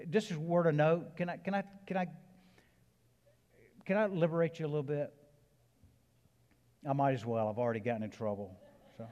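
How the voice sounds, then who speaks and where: A Southern-accented man preaching, his voice sitting a little high for a man. He swings between quiet, chatty asides and loud, emphatic peaks. The sound trails off into the long reverb of a church hall. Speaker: pastor. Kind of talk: sermon. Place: church sanctuary.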